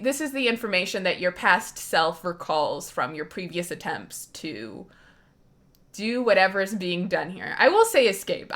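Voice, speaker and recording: Woman DM, chatty and brisk, jokes around, streamed game over video call. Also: fairly low pitch, a bit bright. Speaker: dungeon master. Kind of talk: running a tabletop game stream.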